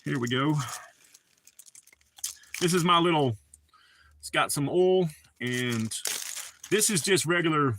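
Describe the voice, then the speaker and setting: Talking slowly with frequent pauses, this streamer has a fairly high, expressive, slightly bright voice and a little hiss or hum behind him. He drawls in a Southern US accent with dip in his mouth, laid-back, laughing and swearing through the casual chat.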